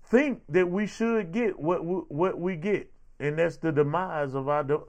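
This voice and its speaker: A man's voice: a little high, measured pace. A man hosting a show, giving heated, sarcastic political commentary with a lot of repetition. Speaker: show host.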